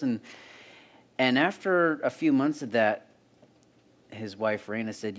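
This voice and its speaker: A man co-leading a church marriage workshop, sharing a relaxed anecdote about priorities. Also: mid-range voice, normal speed.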